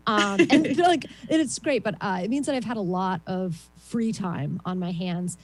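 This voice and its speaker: A woman doing a rambling, self-deprecating stand-up set over a video call, with a voice she calls shrill and lots of ums. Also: moderate pace, over music, low-quality recording. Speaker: stand-up comedian.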